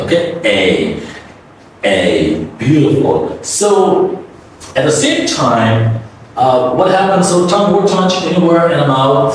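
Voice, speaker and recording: A man with a medium-pitched voice teaches English pronunciation in a step-by-step classroom lesson, often checking in with his listeners. The mic sits at a distance, giving a roomy echo, with slight background noise.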